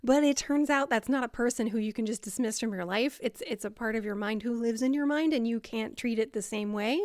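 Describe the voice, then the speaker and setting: A woman's voice: on the high side, brisk, a little mellow, no echo, studio quality. A woman explaining self-compassion to camera in a casual, conversational way, with many fillers. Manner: conversational, lots of fillers, acts out voices.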